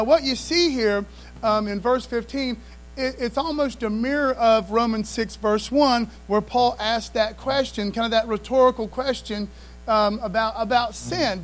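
High-voiced man preaching a conversational sermon. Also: poor audio. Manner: conversational, emphatic preaching with frequent call-and-response asides. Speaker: pastor.

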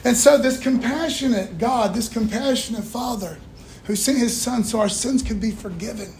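A man's voice: extremely high pitch, moderate pace, darkish tone. A male pastor preaching a sermon in a folksy call-and-response style, with casual asides to the congregation. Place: church. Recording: echoey room, faint room noise.

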